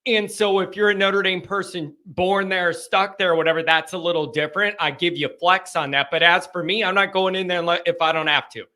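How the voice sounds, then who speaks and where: A man's voice: high voice, steady tone, brisk, few pauses, pushed and bright. A man hosting a live fan call-in stream, chatting casually, joking and rambling as he greets viewers by name.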